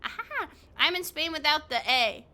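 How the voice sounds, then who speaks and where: A woman streamer chatting casually while she plays, excitable and quick to swear, often breaking into laughter. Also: high voice. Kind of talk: casual live-stream chat.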